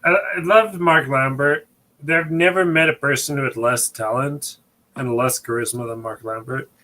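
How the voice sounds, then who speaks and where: A man's voice: medium pitch, measured pace, bright, forceful tone, slight background noise, low-quality recording. A man co-hosting a casual podcast, joking in a sarcastic, teasing way. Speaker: podcast co-host.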